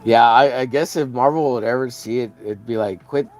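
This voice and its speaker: Man, mid-pitched voice, loose rambling livestream chat, laughs at his own jokes. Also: moderate pace, darkish tone, soft background music. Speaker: comic artist streaming while coloring.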